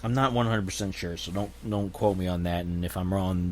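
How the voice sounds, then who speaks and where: A man's voice: deep voice, little pitch movement, brisk, hardly any pauses, darkish tone, a little hiss or hum. A man chatting casually on his own show, rambling and unsure of himself, often hedging and restarting his sentences. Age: adult with a young daughter. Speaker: channel host. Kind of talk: casual solo chat.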